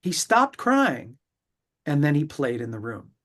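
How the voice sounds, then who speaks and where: A middle-aged man from New York, a pediatrician, explaining his views in a measured, reflective way, with pauses and restarts. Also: on the high side, very animated, fairly bright tone. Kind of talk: conversational interview explanation.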